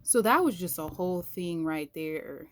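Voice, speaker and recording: A woman telling a personal faith story to her viewers in a casual, animated way, acting out the quoted voices. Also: a little slow. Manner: animated, acts out quoted voices with big pitch jumps; talks to viewers directly, uses "y'all". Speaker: vlogger sharing a faith story.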